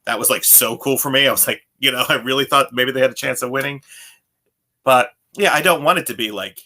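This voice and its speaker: A man's voice: medium pitch, fairly quick, sharp tone. A man in his thirties co-hosting a podcast, rambling in casual chat, often restarting his sentences and laughing. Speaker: podcast co-host.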